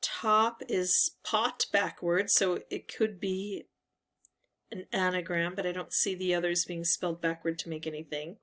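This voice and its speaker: Slow, musing woman thinking aloud. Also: lowish voice, fairly even intonation, fairly bright tone. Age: adult parent. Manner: musing, hesitant, pauses with "um". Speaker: word-game channel host. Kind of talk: thinking-aloud puzzle talkthrough.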